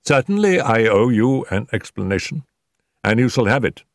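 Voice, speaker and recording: An older man reading an audiobook, voicing a confident detective who speaks in a crisp, precise manner. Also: medium pitch, sing-song, normal speed, dry recording, clean studio sound, pitched above the performer's own voice. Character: man playing a brisk, confident male detective.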